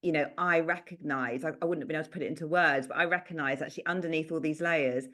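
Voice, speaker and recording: Low-voiced woman, thoughtful and gentle. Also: quick pace. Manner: thoughtful, gentle, searching for words. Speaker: guest therapist. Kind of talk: reflective conversation.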